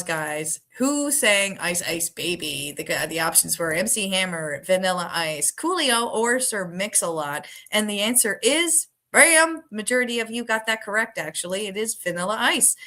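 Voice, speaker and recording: A mid-range, bright and forward voice belongs to a woman hosting a relaxed live trivia stream. Chatting casually with her viewers, she laughs a lot and reads the choices slowly.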